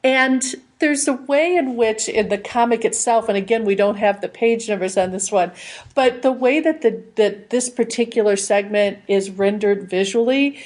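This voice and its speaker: A woman's voice: fairly high pitch, normal speed, darkish tone. A woman co-hosting a comics review podcast, talking things through in a thoughtful, casual way with frequent restarts. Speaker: podcast co-host.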